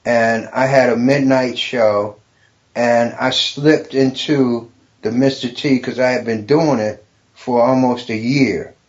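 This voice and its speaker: A middle-aged man, a stand-up comedian guest, telling a story in a profane, animated way, laughing often. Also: mid-range voice, slow pace. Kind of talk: casual storytelling. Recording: dull lo-fi podcast recording.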